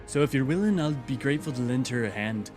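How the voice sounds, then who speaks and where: A man's voice: medium pitch, lively intonation, fast talker, darkish tone, soft background music, lightly acted. A man reading a fond, chatty game townsperson. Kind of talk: fan voice reading of game dialogue.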